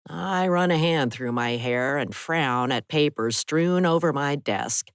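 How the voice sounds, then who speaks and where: A woman narrating a first-person thriller audiobook with a tense, measured reading. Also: low voice, clean tone, no echo, studio quality.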